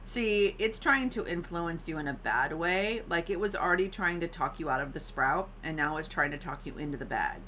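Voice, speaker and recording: A woman gives casual gameplay commentary as a streamer, chatty and given to giggling while she thinks aloud. Her voice sits low for a woman but swings widely and expressively in pitch. A faint hum of ambience lies underneath. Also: expressive, moderate pace, hardly any pauses, bright, forceful tone, poor audio. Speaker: game streamer.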